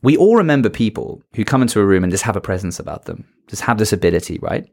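A man with a fairly low voice talks as a guest in a podcast studio. He sounds like a practised public speaker, animated and coaching, stretching out key words and speeding up elsewhere. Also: fast talker, gravelly. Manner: animated, plays with tone and pace to make points. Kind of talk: motivational talk in a conversation.

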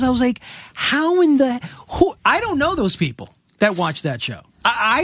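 A man in casual chat, talking with lively emphasis and frequent restarts. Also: high voice, dry recording. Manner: animated, many restarts.

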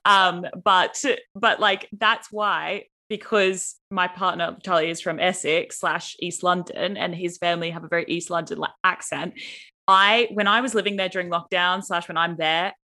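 A woman from Australia with an Australian accent, co-hosting and telling stories in a chatty, animated way. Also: lowish voice, moderate pace. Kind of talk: casual interview chat.

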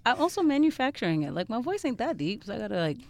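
A woman co-hosting a casual chat show, giggly and teasing, with quick interjections. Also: fairly high pitch, very animated, slight background noise. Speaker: podcast co-host.

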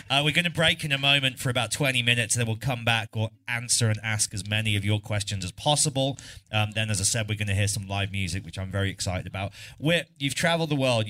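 A man hosting a live podcast interview on stage, asking long, measured questions. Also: fairly low pitch, sharp tone. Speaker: podcast host. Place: arts club stage, indoors.

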